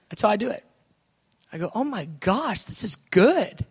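A man preaching a sermon, moving between quiet reflective speech and loud, excited outbursts as he acts out prayers. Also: high-pitched, normal speed, creaky, slightly rough, big-room sound. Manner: swings from soft musing to loud excited outbursts.

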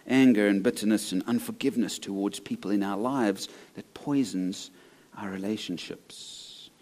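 A man's voice: medium pitch, a little mellow. A male pastor preaching a sermon in an empty church, conversational and laced with jokes and anecdotes.

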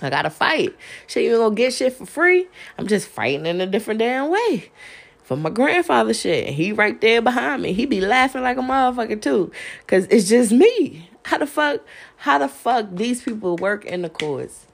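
A woman's voice: on the high side, sing-song, normal speed, vocal fry. A woman ranting on a podcast, profane and confrontational, laughing between jabs. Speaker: podcast host. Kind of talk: heated solo rant.

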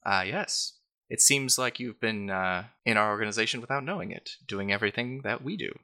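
A man's voice: lowish voice, a little fast, bright, forceful tone. A man narrating as game master of a tabletop game, describing scenes with frequent "uh" and "like".

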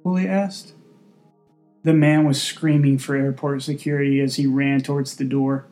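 A man narrating a story in a steady, deadpan way. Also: medium pitch, normal speed, soft background music.

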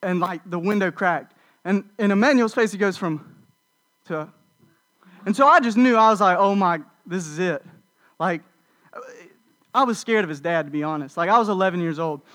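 Young male college preacher, light high voice, loose storytelling delivery with fillers. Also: moderate pace, pauses often. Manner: casual, animated storytelling with many fillers. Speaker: college ministry speaker. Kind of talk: storytelling sermon.

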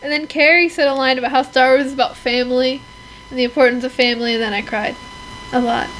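A woman's voice: high voice, fairly even intonation, quick pace, fairly bright tone, a little hiss or hum, low-quality recording. A young woman co-hosting a podcast, gushing and giggling as she chats. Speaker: podcast co-host. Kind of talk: casual chat.

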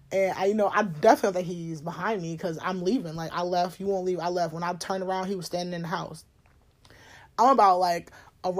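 A young woman telling a personal story in a candid, profane, laughing way, getting loud when she acts out scenes. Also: on the low side. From Cincinnati, USA. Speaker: podcast host. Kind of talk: casual storytelling monologue.

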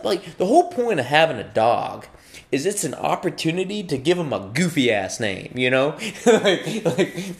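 A man delivering a profane comedic rant, bouncing between musings and acted-out voices. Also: a little high. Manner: profane, animated, acts out voices mid-rant.

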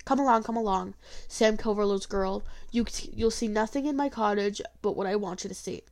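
A woman's voice: medium pitch, a little fast, darkish tone, lightly acted. A woman reading aloud, voicing a stern, harsh-voiced old woman healer who scolds curtly. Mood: scolding. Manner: scolding, curt.

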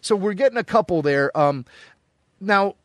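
A man from the Midwest, co-hosting a podcast in casual chat, animated and often laughing as he teases. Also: high-pitched, normal speed, no room sound. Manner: animated, laughing, playful teasing. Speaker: podcast co-host.

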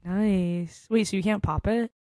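A young woman co-hosting a podcast, chatting casually with quick, teasing, playful interjections. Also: medium pitch, fairly even intonation, dark tone, dry recording, clean studio sound. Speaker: podcast co-host. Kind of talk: casual chat.

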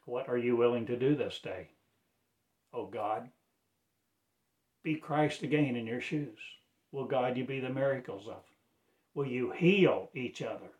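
Man, self-appointed preacher, very slow delivery, rambling pleading sermon. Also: medium pitch, a little mellow. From Arkansas, USA. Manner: slow, pleading, loosely strung phrases. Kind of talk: rambling religious address.

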